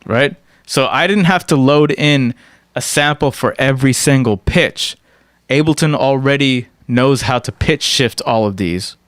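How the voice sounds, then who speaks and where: A man's voice: medium pitch, unhurried, fairly bright tone. A man giving a casual screen-recorded music production tutorial. He explains step by step and often checks in with "right?".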